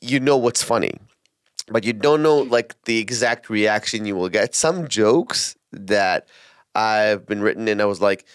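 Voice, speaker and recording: A man's voice: on the low side, measured pace, clear, resonant tone, no echo, studio quality. A man with an Israeli accent and Hebrew as his first language, co-hosting a podcast in casual chat, often repeating words as he tells stories. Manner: repeats words and restarts, lively storytelling. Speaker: podcast co-host and comedian.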